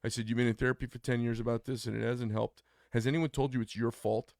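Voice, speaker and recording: Gravelly blunt-spoken man telling a story. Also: mid-range voice, little pitch movement, quick pace, darkish tone, dry recording, clean studio sound. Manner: blunt, opinionated, acts out quoted dialogue. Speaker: podcast co-host. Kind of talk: casual storytelling chat.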